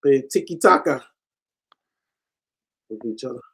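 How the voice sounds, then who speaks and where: A woman's voice: rumbling low, animated, measured pace, husky. A woman co-hosting a football watch-along, chiming in with short remarks and echoing player names. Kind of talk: casual match chat.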